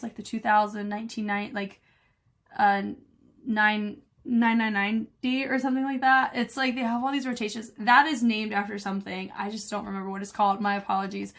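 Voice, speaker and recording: Enthusiastic woman choreographer, higher voice. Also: fairly bright tone. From United States. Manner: scats and counts beats along with the music; enthusiastic and chatty. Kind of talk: dance reaction commentary. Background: faint music.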